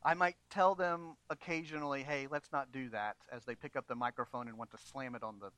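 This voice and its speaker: A pastor preaching a sermon to his congregation, moving from quiet, measured passages to emphatic, raised appeals. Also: medium pitch, steady tone, no room sound, low-quality recording. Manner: earnest preaching, swings between quiet and emphatic.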